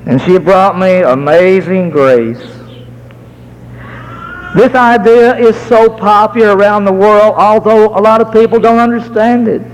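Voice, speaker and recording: A middle-aged American man preaching a sermon, telling folksy stories and slowing down to stress key words. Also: high-pitched, fairly even intonation, long reverb tail, low-quality recording. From United States.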